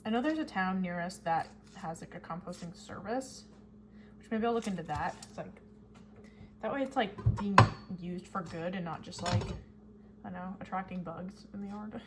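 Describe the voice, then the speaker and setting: A woman's voice: on the low side, moderate pace, heavy background noise. A young woman vlogger chatting casually and rambling in a self-mocking way while she cooks at home. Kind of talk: casual chat. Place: home kitchen while cooking.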